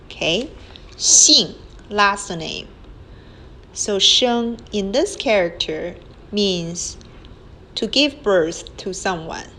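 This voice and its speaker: A woman teaches a beginner lesson at a measured, very slow pace. Her pitch sits in an ordinary middle range, and she carefully models each tone aloud. A faint hiss of background noise runs under the phone-recorded narration. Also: lively intonation, sharp tone, rough recording. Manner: patient, explains step by step, models tones aloud. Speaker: Chinese language teacher. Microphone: phone screen recording.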